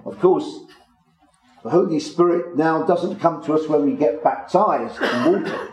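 A man gives a measured Bible talk to a small gathering and leans on the words he wants to stress. His voice sits a little high and sounds mellow and warm. The room around him is echoey. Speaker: preacher. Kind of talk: Bible teaching to a small congregation.

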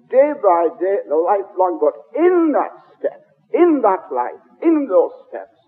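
Emphatic preacher on tinny radio. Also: male voice, a little high, slightly rough. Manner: emphatic, stressing key words in repeated phrases. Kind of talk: sermon. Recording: tinny lo-fi radio recording in a reverberant hall.

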